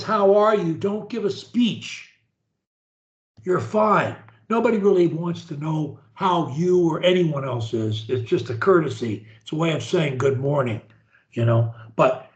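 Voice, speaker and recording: High, lively male speech coach. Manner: directive, models words slowly for repetition. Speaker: speech therapist. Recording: roomy, dull lo-fi sound.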